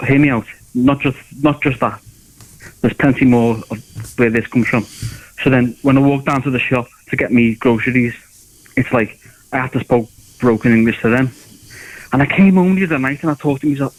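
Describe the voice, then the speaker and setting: A man's voice: mid-range voice, moderate pace, no room sound, poor audio. Agitated stammering male caller, dry sound. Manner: agitated, stammering, repetitive restarts. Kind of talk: phone-in rant.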